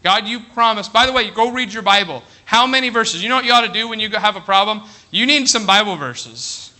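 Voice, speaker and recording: A middle-aged man preaching a sermon as pastor, animated, checking in with the congregation with "all right?". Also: high voice, fairly quick.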